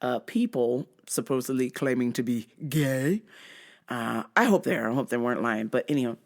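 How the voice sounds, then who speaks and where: A woman's voice: very deep voice, normal speed, darkish tone. A woman host ranting casually, brash and profane, telling stories with bursts of laughter. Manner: self-described masculine, brash. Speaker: podcast host. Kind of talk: casual rant.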